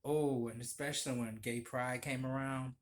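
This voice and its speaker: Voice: medium pitch, steady tone, moderate pace. A former barista telling a story in a chatty, gossipy way, laughing often and swearing casually.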